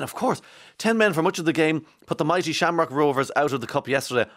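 A man's voice: a little high, animated, quick pace, fairly bright tone. An Irish man hosting a radio show, chatting casually and reading out listeners' texts with wry asides.

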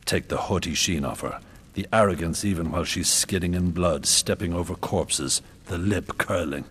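A man's voice: low-pitched, moderate pace, a bit bright, a little hiss or hum. An actor playing a brutal, lecherous warrior king, talking in a crude, leering, menacing way. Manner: crude, leering, menacing first-person monologue. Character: brutal, lecherous, swaggering warrior king, middle-aged man.

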